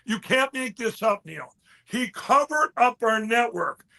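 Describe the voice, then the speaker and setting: A man speaking as an interview guest, telling a long story in an animated, rambling way and quoting other people as he goes. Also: very high voice, a little slow, vocal fry. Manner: animated, quotes others in mid-story, frequent restarts.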